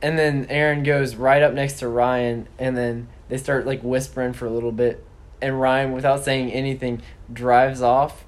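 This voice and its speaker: A man's voice: mid-range voice, level tone, moderate pace. A teenage boy is chatting casually and retelling a funny story. He tosses in quoted lines and laughs between them as he goes. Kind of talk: casual chat.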